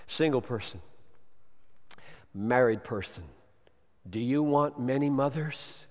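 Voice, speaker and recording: A man preaching a sermon with fervent emphasis, swinging from loud declarations to hushed tones. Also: medium pitch, slow pace. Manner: impassioned preaching with sudden swings from loud to soft. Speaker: pastor. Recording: long hall reverb.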